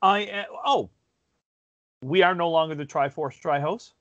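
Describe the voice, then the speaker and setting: A man's voice: a little high, measured pace, a bit bright, dull audio. A man hosting a podcast in casual chat, self-deprecating and rambling with restarts, talking over a video call. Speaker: podcast host.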